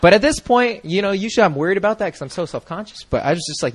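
A young man gives a personal testimony into a microphone at a church gathering. He's earnest and rambling, full of "like" and "you know," quick to laugh, with a high, expressive voice.

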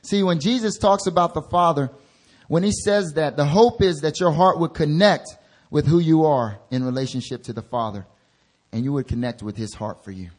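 A young intern pastor preaches a sermon at a moderate pace, slipping into quiet, low asides before climbing to loud exhortations.

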